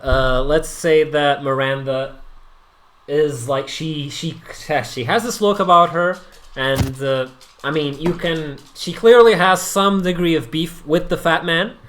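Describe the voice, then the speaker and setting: A man's voice: on the high side, a little slow, a bit bright. A man narrating as the game master of a tabletop game, chatty and often restarting his sentences. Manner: chatty, hesitant, with many restarts. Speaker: dungeon master.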